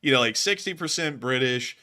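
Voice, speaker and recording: Bright-voiced, laughing American commentary host. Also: male voice, medium pitch, animated, clear, resonant tone. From United States. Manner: chatty, laughs often, drawn-out asides. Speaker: war news commentary host. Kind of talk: casual co-hosted commentary.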